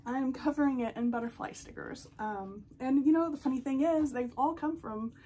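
A woman hosting a casual unboxing vlog at home, gushing and excitable as she talks to her viewers. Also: high-pitched, normal speed, slight background noise. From United States. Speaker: doll collecting channel host.

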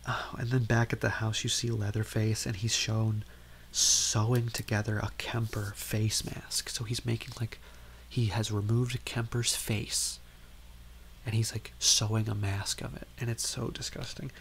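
Rambling male film host, gravelly, casual recap with soft noise behind. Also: on the low side, level tone, moderate pace. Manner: rambling, lots of "like" and "um".

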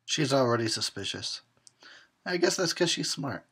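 A man's voice: medium pitch, expressive, moderate pace, a bit bright, breathy edge. A man giving a drunken movie commentary, crude and mocking, talking back at the characters and laughing at his own jokes. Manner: talks back at the characters on screen. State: tipsy.

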